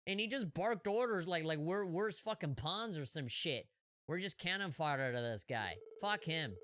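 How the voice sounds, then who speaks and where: A woman's voice: fairly low pitch, animated, moderate pace. A woman streamer doing casual, profane, joking commentary while playing a game. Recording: loud game music behind.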